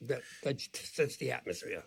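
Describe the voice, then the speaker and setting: A man's voice: medium pitch, animated, measured pace, creaky, husky. A man in his eighties with a Boston accent, a priest speaking as a podcast guest in a wry, plainspoken way. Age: 80s. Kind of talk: casual conversation.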